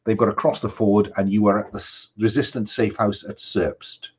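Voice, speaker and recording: A man narrating a tabletop game as game master, measured and pausing on frequent ums. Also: lowish voice, flat delivery, husky.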